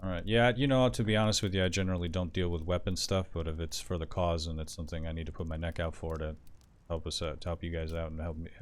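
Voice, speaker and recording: Man, in-character roleplay chat, deep voice, hesitant, lots of fillers. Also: little pitch movement, fast.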